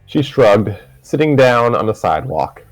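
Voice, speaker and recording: A man's voice: medium pitch, big pitch swings, a little slow, no room sound, soft background music. A man reading a story aloud live on stream, narrating steadily with the odd restart. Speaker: story reader.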